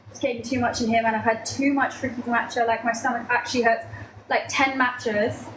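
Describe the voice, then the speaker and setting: A young woman livestreaming late at night, chatting excitedly and dramatically with her viewers. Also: a little high, fairly quick, noisy background. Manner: excitable, dramatic banter with chat.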